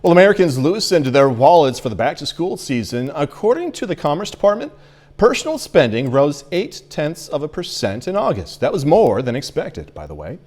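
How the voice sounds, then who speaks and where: A man anchoring a local evening newscast, reading stories with lively delivery and joking asides. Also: a little high, normal speed. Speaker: news anchor.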